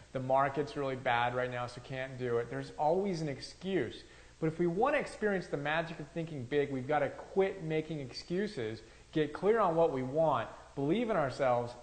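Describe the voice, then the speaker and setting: A man's voice: a little high, low-quality recording. A man giving an enthusiastic, conversational review of a motivational book, often checking in with "right?".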